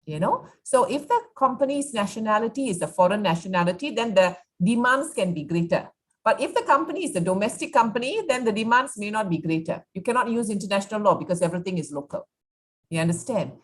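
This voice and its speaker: A woman's voice: mid-range voice, expressive, fast talker. Woman lecturer explaining, checking understanding. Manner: explanatory, asks rhetorical check questions. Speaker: law lecturer. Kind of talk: answering questions in an online seminar. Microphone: video call.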